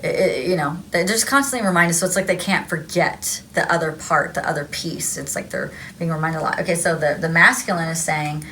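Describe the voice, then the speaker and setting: A woman's voice: lowish voice, fairly quick, hardly any pauses, pushed and bright, slight background noise. A woman giving a casual tarot energy reading, rambling, repeating herself and laughing often. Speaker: tarot reader.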